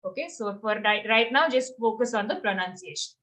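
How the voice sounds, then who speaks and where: High-voiced woman teaching Sanskrit chanting. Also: lively intonation, fairly bright tone. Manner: chants verses slowly, then explains quickly and patiently. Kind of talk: online chanting lesson.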